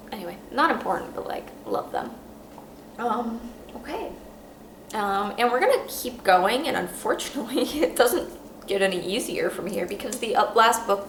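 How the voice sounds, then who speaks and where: A woman hosting a podcast, talking through a book review in an earnest, emotional way, halting with many restarts. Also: medium pitch. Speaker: podcast host. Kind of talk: casual book review monologue. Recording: roomy echo, faint background hum.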